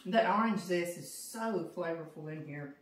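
A woman's voice: on the low side, measured pace. A woman with a Louisiana accent hosting a casual home cooking show, gushing affectionately over the food as she tastes it in her kitchen. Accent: Southern US, Louisiana. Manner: gushing, affectionate, talks with mouth full. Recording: echoey room, mic at a distance.

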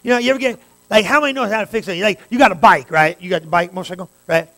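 Man, pastor, sermon, high voice, gravelly, fervent, talks straight to the room. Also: very fast, sharp tone. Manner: preaching with rising fervor, direct address to the congregation.

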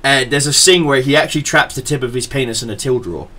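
A man's voice: medium pitch, quick pace, noisy background. A young man, hosting a podcast and telling a crude story in a loose, laughing way. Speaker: podcast host. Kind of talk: casual storytelling.

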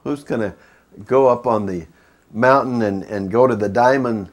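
A man's voice: mid-range voice, moderate pace. A man preaching as a priest, telling folksy stories and often checking in with his listeners. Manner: folksy, asks the audience frequent questions. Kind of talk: sermon with storytelling and jokes.

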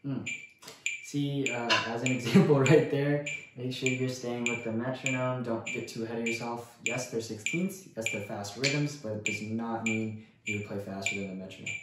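A man giving a casual percussion lesson in a relaxed way, counting rhythms aloud and often saying "cool". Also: medium pitch, normal speed. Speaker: percussion instructor. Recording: very echoey room, faint noise.

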